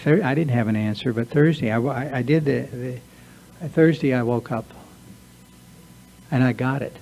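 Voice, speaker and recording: Man, earnest and confessional, mellow voice, recovery workshop talk. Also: medium pitch, moderate pace, creaky, low-quality recording. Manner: earnest, confessional, acts out his own inner voice. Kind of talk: personal talk to a recovery group. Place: meeting room.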